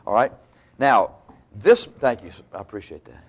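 A man's voice: lowish voice, very animated, normal speed. Male preacher, folksy conversational sermon delivery. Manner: folksy, conversational Bible teaching with laughs and asides.

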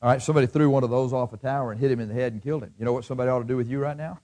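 Racing along in a steady-toned, mid-range voice, a middle-aged pastor preaches with loud bursts broken by hushed asides. He mimics the voices of his audience.

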